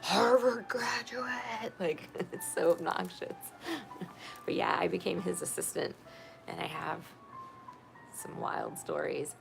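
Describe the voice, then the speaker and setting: Woman, deep voice, heavy vocal fry, casual profane storytelling. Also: slow, pauses often, music in the background. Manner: candid, profane, laughing storyteller.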